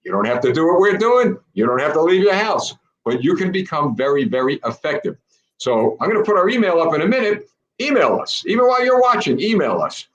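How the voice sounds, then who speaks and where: A man's voice: on the high side, big pitch swings, brisk, muffled recording. Urgent, exhorting middle-aged male host. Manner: urgent, exhorting, addresses audience as folks. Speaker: political show host. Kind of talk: impassioned political talk.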